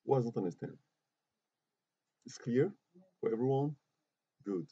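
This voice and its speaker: A man teaches grammar to a class, his voice very dark and a little husky. He talks patiently, repeats his words and keeps checking that everyone follows. The recording is dry and muffled, with little room sound. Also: medium pitch, lively intonation, measured pace, no echo. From Côte d'Ivoire. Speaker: English teacher.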